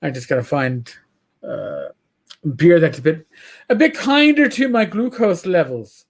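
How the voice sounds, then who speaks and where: A man's voice: on the high side, sing-song, unhurried. Blunt, profane New York man. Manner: blunt, profane, rambling with restarts. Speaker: podcast host. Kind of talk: casual livestream chat.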